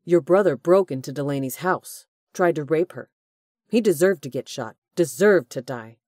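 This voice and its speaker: Woman doing a tough hot-headed navy seal guy, firm and defiant, low voice. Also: level tone, normal speed, warm tone, breathy edge, no echo, clean studio sound, heavily acted. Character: hot-tempered male ex-Navy SEAL, protective.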